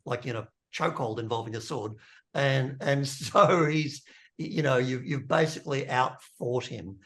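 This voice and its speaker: Excitable male game master. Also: medium pitch. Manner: excitable, rambling with fillers. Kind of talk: narrating a tabletop game.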